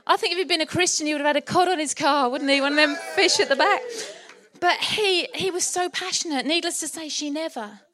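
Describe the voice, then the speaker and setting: A woman's voice: high voice, a little fast, background noise. A middle-aged woman with an Essex accent, preaching a sermon in church in a chatty storytelling way and laughing often.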